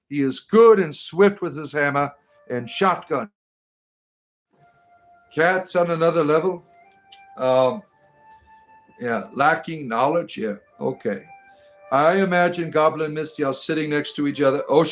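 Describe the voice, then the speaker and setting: A joking man hosts a casual livestream and answers viewers' chat messages one after another. His voice sits a little high for a man, and he keeps tacking "right?" onto his remarks. Soft music plays faintly underneath. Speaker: livestream host reading chat.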